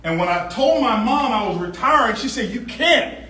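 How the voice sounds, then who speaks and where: A man giving a lively motivational seminar talk, telling stories and joking with a live audience. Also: sits high, brisk. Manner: animated storyteller, jokes with the crowd, asks for hands. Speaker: motivational speaker on stage. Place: large event hall. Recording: echoey hall, distant mic.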